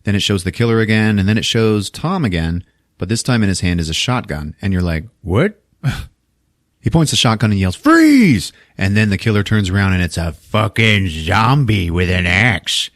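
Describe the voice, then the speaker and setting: A man's voice: fairly low pitch, brisk, fairly bright tone, no echo, clean studio sound. A man casually recapping a film on a podcast, acting out the characters' lines, laughing often and swearing freely. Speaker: podcast host.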